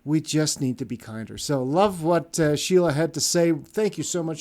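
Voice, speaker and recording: A man's voice: on the high side, expressive, normal speed, darkish tone. A man co-hosting a podcast in casual chat, enthusiastic and talkative, restarting his sentences often as he thinks aloud. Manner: enthusiastic, rambling with many restarts and fillers. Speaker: podcast co-host.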